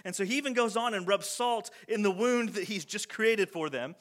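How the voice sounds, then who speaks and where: Animated high-voiced man preaching casually. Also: normal speed. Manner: animated, acts out quotes in voices, many "like" fillers. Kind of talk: casual conversational sermon.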